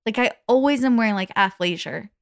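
Relaxed young woman co-host, dry sound. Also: fairly high pitch, brisk, creaky, no room sound. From Arizona. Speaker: podcast co-host. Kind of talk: casual chat.

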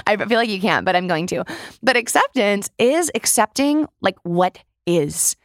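A woman's voice: medium pitch, very animated, measured pace, no echo, clean studio sound. Earnest woman hosting a reflective podcast. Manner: earnest, heartfelt, speaks to listeners as "you guys". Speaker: podcast host. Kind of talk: reflective solo podcast monologue.

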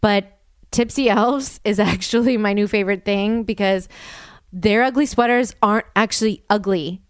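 A young woman hosting a podcast in casual chat, talking fast with lots of "like" fillers. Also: medium pitch, clean tone, no room sound, clean studio sound. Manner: chatty, filler-heavy with lots of "like". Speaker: podcast host.

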